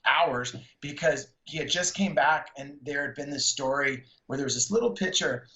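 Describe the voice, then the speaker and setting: A man's voice: a little high, normal speed, pushed and bright. A middle-aged man from the San Francisco Bay Area, a stand-up comedian guesting on an interview. He tells stories in casual slang and acts out other people's lines with a raised voice. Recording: echoey room, slightly dull sound.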